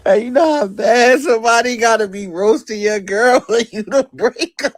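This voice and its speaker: A man's voice: extremely high pitch, moderate pace, no room sound. A man presenting a funny clip, laughing often and calling his viewers y'all and bruh. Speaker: comedy video commentator.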